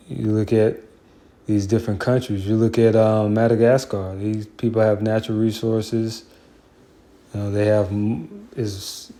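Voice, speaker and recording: A man's voice: lowish voice, dark tone. A man giving casual Bible commentary, heated and profane, rambling with many fillers like "you know".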